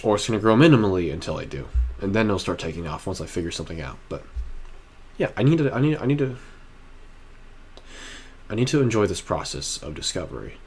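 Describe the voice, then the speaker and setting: A young man with a somewhat low voice talks into his computer mic in a personal vlog. He rambles and restarts his sentences, but stays earnest and heartfelt as he works through his thoughts. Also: lively intonation, a little fast, pauses often, a little mellow, a little hiss or hum. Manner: rambling, emotional, restarts often. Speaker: vlogger.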